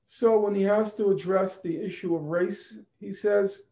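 A man giving a deliberate, emphatic conference talk over a video call, repeating phrases for stress. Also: sits high, mellow. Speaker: conference speaker. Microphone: computer mic on a video call. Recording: echoey, dull video-call audio.

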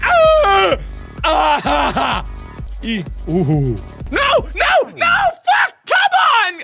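A man giving let's play commentary with loud yelps, screams, goofy noises and crude joking outbursts. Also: very high-pitched, wildly swooping pitch, extremely slow, gravelly, faint music behind. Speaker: gaming video creator.

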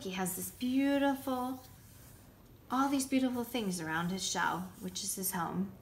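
A woman's voice: medium pitch, unhurried, slight background noise. A woman reading a picture book aloud. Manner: warm, lively storytelling with asides showing pictures. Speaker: nursery school teacher.

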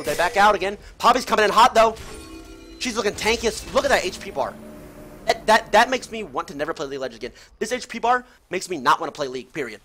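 A man with a very high voice calls an esports match live from his home streaming setup on a headset. He swears freely and shouts during the fights. Game music plays clearly behind him. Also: quick pace. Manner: profane, excitable, yells during fights. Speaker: streamer casting a tournament match. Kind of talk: live esports play-by-play commentary.

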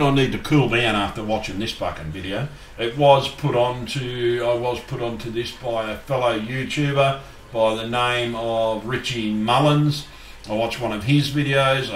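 A man ranting furiously to his viewers, cursing in nearly every sentence. His voice sits at an ordinary middle pitch. The room gives it a noticeable echo. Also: fairly bright tone, slight background noise. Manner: swears constantly, angry and agitated. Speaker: YouTuber. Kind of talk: angry rant to camera. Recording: echoey room.

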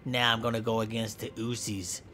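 A young man giving goofy, excitable play-by-play commentary over a game, yelping and shouting in mock pain. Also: fairly low pitch, moderate pace, a little hiss or hum. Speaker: gameplay commentator.

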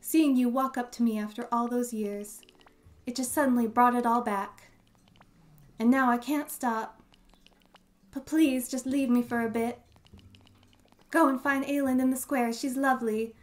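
A woman voicing an emotional, tearful woman in a game, raising her voice a little higher than her own. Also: flat delivery, brisk, few pauses, close to an everyday voice. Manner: tearful, gushing. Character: tearful emotional woman meeting a long-lost face.

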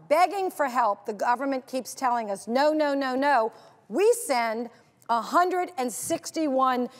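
A woman's voice: a little high, in a large hall. A woman from Louisiana who serves as a senator, giving an impassioned, emphatic political speech.

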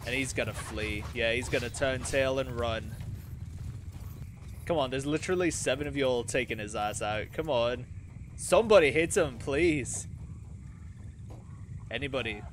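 A man's voice: medium pitch, a little slow, pauses often, slight background noise. Man gaming in a put-on accent. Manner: speaks in a put-on accent, calls his troops lads. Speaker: gamer roleplaying a ranger commander. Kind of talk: in-character gameplay commentary.

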